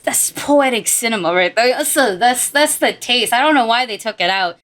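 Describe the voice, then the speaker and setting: A woman co-hosting a film podcast in casual chat, animated and quick to laugh as she quotes film lines. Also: on the high side. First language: not a native Mandarin speaker. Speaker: podcast co-host.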